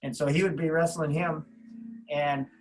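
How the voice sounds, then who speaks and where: A man in his fifties with a fairly high voice sits in as a guest, spinning long, loose stories. He trips over his words, starts over, and slips into other people's voices as he goes. His tone is casual and chatty. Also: level tone, normal speed, rough recording. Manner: rambling anecdotes full of restarts, acting out other people's lines. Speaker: martial arts coach, podcast guest. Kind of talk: casual storytelling.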